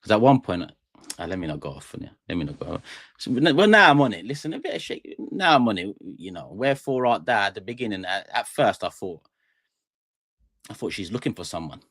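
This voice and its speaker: A young man hosts a live stream, chatting to his viewers in a loose, rambling and jokey way. His voice sits low, and the close mic in the small studio sounds dry, with no room around it. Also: big pitch swings, fairly quick, a bit bright, no echo. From England. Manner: rambling, jokey, talks straight to chat. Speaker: fan channel live stream host. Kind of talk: casual live stream chat.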